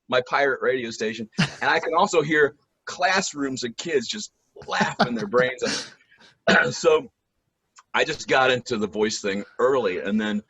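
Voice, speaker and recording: A man with a husky, hoarse voice tells stories with plenty of energy, laughing and clearing his throat as he goes. His pitch sits in the middle, and he is on a video call. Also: dry recording, dull audio. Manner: animated storyteller, laughs and clears throat often. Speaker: guest, musician and voice actor. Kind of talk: casual storytelling chat.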